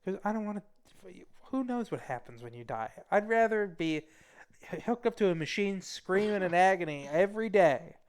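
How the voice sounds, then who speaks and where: A young man hosts a casual talk show from a virtual hangout, rambling through absurd what-if scenarios. His voice is smooth and resonant and sits slightly high for a man. He sounds close to a headset mic. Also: animated, normal speed. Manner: rambling, jokey, acts out silly scenarios. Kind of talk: casual chat. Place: VR chat room, at home.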